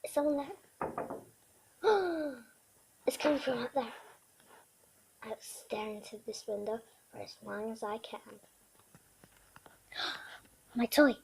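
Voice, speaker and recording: A woman's voice: takes it slowly, vocal fry, long pauses, slight background noise, poor audio. Woman voicing a whiny, dramatic pet dog. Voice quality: whiny, pleading, swings into high cries and whispers.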